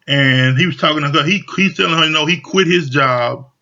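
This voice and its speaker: A man's voice: a little high, fairly quick, bright, forceful tone. A man casually recapping a reality show, talking loosely with lots of slang and fillers. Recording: dull lo-fi audio.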